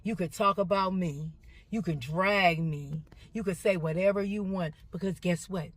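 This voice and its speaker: A woman's voice: fairly low pitch, moderate pace. Confrontational middle-aged woman ranting. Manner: emphatic, repetitive, confrontational. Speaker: social media poster. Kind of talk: emotional rant to camera.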